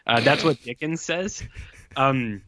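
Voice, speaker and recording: This man co-hosts a podcast and gives a rambling, casual recap of a film, packed with likes and uhs. He speaks slowly in a mid-range voice with a bright, forceful tone, and there's no echo.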